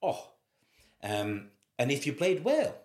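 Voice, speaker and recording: A Finnish man in his fifties, once a footballer, tells lively anecdotes during an interview and laughs his way through them in a Finnish accent. His voice sits at a medium pitch and moves slowly. The recording has a roomy echo.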